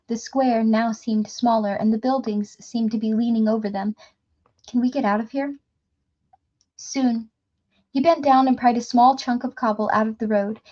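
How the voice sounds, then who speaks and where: A woman reading a novel aloud in a steady storytelling manner, with small slips and restarts. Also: fairly high pitch, muffled recording. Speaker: audiobook reader. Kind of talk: reading a novel aloud, voicing characters lightly.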